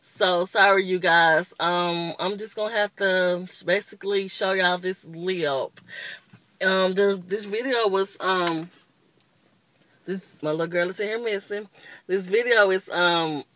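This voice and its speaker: A woman's voice: fairly low pitch, steady tone, measured pace, fairly bright tone, no room sound. A woman in her twenties giving a casual, rambling makeup review, openly annoyed and chatty. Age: 20s. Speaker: beauty vlogger.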